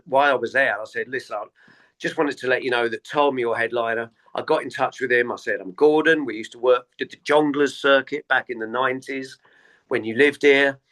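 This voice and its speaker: Chatty male comedian telling tour stories. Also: mid-range voice. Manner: animated anecdotes, acts out quoted voices. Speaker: comedian guest. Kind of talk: casual interview storytelling.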